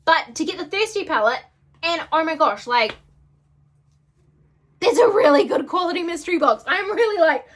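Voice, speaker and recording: A woman beauty vlogger in an excited unboxing chat, gushing and often gasping and squealing. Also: sits high, normal speed.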